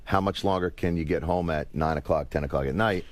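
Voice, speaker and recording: A man in his fifties, a talk show guest, chatting in a wry, rambling, self-deprecating way with quick asides. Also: low voice, no echo. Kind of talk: casual talk show conversation. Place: television studio.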